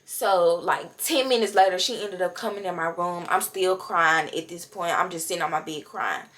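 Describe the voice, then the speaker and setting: A woman's voice: fairly low pitch, normal speed, fairly bright tone. A young woman vlogger telling a casual storytime, chatty and slangy, talking straight to her viewers with many fillers.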